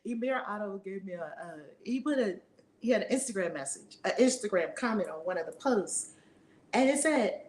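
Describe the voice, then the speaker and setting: A woman's voice: mid-range voice, big pitch swings, moderate pace, darkish tone, reverberant, slight background noise. A woman teaching as a spiritual reverend in a fiery, preaching manner, blunt and emphatic, swearing and repeating lines for effect.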